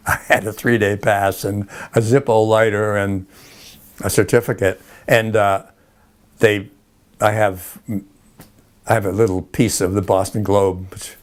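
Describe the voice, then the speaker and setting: An older man being interviewed, rambling through old army stories with frequent chuckles and restarts. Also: on the low side. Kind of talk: oral history interview.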